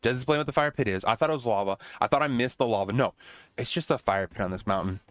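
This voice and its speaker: A man's voice: mid-range voice, quick pace, fairly bright tone, no echo. A young man hosting a podcast, casually recapping an old movie scene by scene, rambling, laughing and swearing as he goes. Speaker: podcast host.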